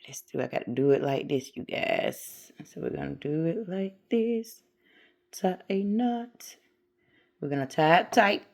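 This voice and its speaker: A middle-aged woman with a low voice narrates a homemade craft tutorial in a relaxed, chatty way. She talks herself through each step at an easy, unhurried pace. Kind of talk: casual how-to narration.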